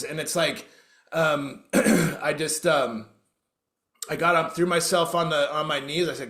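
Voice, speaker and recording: A man's voice: on the high side, moderate pace, fairly bright tone. A middle-aged man from Oregon telling his story as a podcast guest, candid and emotional, swearing freely and often restarting his sentences. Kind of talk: conversational interview storytelling. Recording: roomy echo.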